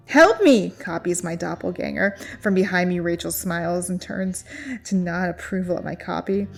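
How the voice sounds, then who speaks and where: A woman narrating a first-person horror story in a tense, hushed, often whispered voice. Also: lowish voice.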